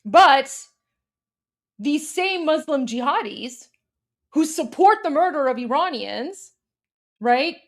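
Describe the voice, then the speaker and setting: A woman with a high voice co-hosts a political talk show. She is indignant and sarcastic and doubles up words as she gets heated. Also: expressive, slow, long pauses. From Canada. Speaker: political commentator and co-host. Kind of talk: casual political chat.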